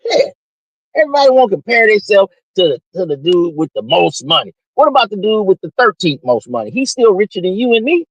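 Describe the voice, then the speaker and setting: A man's voice: sits high, big pitch swings, fairly quick, no echo, dull audio. Brash, slightly nasal man ranting. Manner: brash, preachy, swings from loud to muttered asides. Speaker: livestream host. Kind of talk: unscripted livestream rant.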